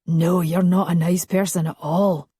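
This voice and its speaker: A woman voicing a stubborn Highland laird, an adult man who speaks in a low, unhurried, wry murmur. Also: flat delivery, mellow, husky, no echo, studio quality. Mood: teasing.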